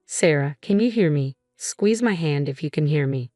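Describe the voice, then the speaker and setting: A woman voices a soothing hospital nurse with a gentle, reassuring manner and a low voice. The sound is close and dry. Faint music plays in the background. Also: expressive, moderate pace, no room sound. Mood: urgent.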